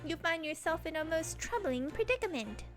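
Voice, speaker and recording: Woman putting on a pompous British gentleman sleuth. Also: very high voice, expressive, normal speed, over music. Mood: grandiose. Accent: put-on British. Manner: grandiose, theatrical deductions.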